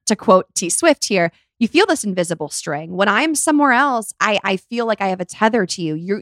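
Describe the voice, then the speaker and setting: A woman's voice: lowish voice, fairly bright tone, no echo, clean studio sound. A young woman co-hosting a casual chat, talking freely with many "like" fillers. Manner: chatty, lots of "like" fillers. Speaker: podcast co-host.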